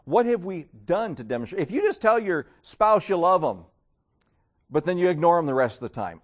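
A man preaching a sermon to his congregation. His voice sits high and leaps up and down across a wide range. He keeps slipping into exaggerated, mocking voices to act out his points. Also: big pitch swings, fairly quick. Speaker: pastor.

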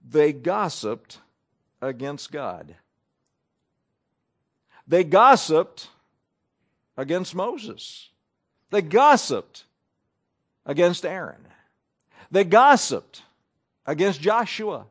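Male preacher, higher-pitched, very lively delivery, conversational sermon full of rhetorical questions. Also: takes it slowly, long pauses.

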